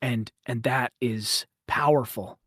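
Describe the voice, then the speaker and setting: A man's voice: medium pitch, slow pace, fairly bright tone, breathy edge, no echo, clean studio sound. A man who coaches voice actors, talking emphatically and encouragingly as a guest in a casual podcast chat. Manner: emphatic, encouraging, explains eagerly. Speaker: voice acting coach.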